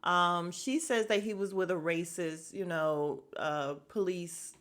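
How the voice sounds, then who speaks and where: A woman's voice: fairly low pitch, takes it slowly, fairly bright tone. A young woman hosting a casual podcast, animatedly recapping a reality show, laughing, swearing and mimicking the cast. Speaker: podcast host.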